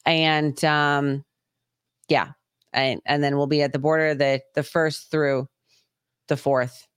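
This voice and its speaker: A woman co-hosting a podcast, talking in a halting way with many fillers. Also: deep voice, little pitch movement, smooth, no room sound, studio quality. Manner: halting, filler-heavy talk. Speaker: podcast co-host. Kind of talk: casual podcast chat.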